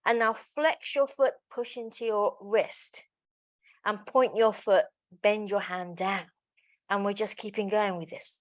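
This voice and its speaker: Chatty woman leading a pilates class. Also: mid-range voice. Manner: chatty, joking asides between counted cues. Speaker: pilates instructor. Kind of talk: live exercise class instruction.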